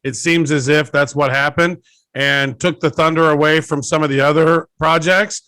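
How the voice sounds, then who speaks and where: A man's voice: on the high side, steady tone, moderate pace, bright, forceful tone, clean tone, no echo. A man playing a podcast quiz contestant, giving blunt, opinionated and jokey answers in casual chat.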